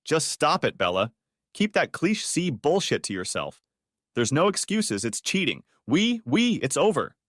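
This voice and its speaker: A man voices a betrayed businessman husband, furious and speaking in clipped, commanding bursts. The exaggerated performance is pitched above his own voice, fairly high and bright, with big pitch swings and a measured pace. It is studio quality with no room sound.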